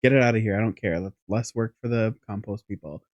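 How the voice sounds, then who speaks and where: A man co-hosting a podcast, telling a long anecdote in a rambling, animated way with casual swearing. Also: on the low side, quick pace, dry recording, dull audio. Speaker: podcast co-host. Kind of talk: casual storytelling chat.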